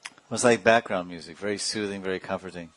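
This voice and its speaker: A man's voice: low-pitched, fairly even intonation, fast, fairly bright tone, dry recording. A man teaching a devotional class, telling stories animatedly with imitated sounds and chuckling asides. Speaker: spiritual teacher.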